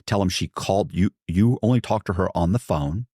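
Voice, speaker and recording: A man's voice: low-pitched, fairly quick, warm tone, breathy edge, no room sound, clean studio sound. A man guest in a podcast interview, telling a long story animatedly and acting out what others said, with many fillers and restarts.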